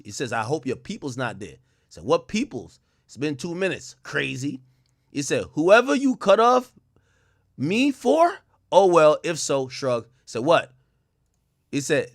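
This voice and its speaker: A young man streaming casually, reading messages aloud to his chat and reacting with loud outbursts. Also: on the high side. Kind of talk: casual live-stream commentary.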